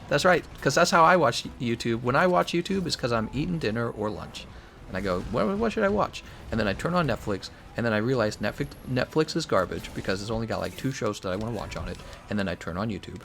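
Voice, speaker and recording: A man's voice: medium pitch, fast talker, a little hiss or hum. A young man live streaming a game, chatting casually and jokingly reading out his chat. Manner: joking, reads chat aloud, animated.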